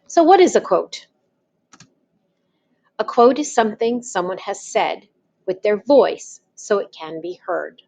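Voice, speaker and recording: Woman teaching slow and patient, explains step by step, middle pitch. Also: very animated, vocal fry, a little mellow. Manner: patient, spells things out step by step. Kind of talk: slow, deliberate classroom explanation.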